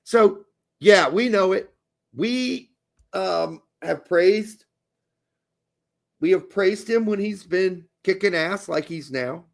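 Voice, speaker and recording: A man's voice: sits high, slow, gravelly, pauses often. A man co-hosting a casual soccer podcast, blunt and crude, talking emphatically. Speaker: podcast co-host.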